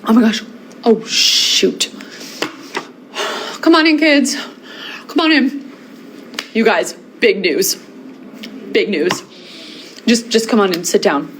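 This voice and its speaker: A woman's voice: a little high, lively intonation, slow pace, long pauses, fairly bright tone, slight background noise. A woman teacher in a social media skit, bubbly and breathless as she addresses her class.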